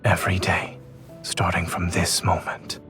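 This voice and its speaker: A man voicing a gentle, reserved male love interest in a video game, speaking softly and tenderly. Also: monotone, unhurried, whispered, over music. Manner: soft, low, tender.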